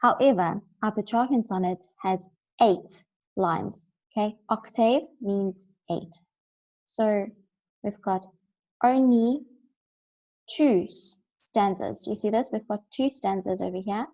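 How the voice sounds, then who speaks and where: A woman's voice: medium pitch, takes it slowly, warm tone, dull audio. A woman teaching a recorded lesson, explaining step by step and often checking in with "right?".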